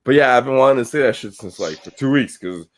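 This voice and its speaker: A man rants on a casual podcast, heated and profane, swearing through nearly every sentence. His voice sits at an ordinary middle pitch, and the talk is loose and conversational. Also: animated, quick pace, slight background noise. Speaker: podcast host.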